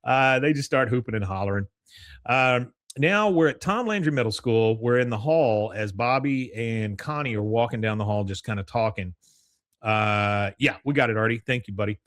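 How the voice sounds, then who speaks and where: A man's voice: medium pitch, expressive, normal speed, fairly bright tone, no echo, clean studio sound. A man hosting a podcast, casually recapping a cartoon episode and acting out the characters' lines. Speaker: podcast host.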